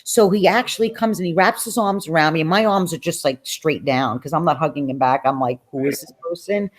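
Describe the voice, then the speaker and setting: Animated middle-aged woman telling a story. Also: sits low, fairly quick. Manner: animated, acts out quoted voices. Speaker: guest telling a personal story. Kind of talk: casual storytelling interview.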